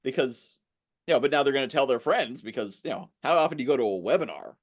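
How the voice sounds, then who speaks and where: Man, podcast host, very expressive pitch, casual interview chat, animated. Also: fast talker. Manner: animated, mimics pitchmen in exaggerated voices.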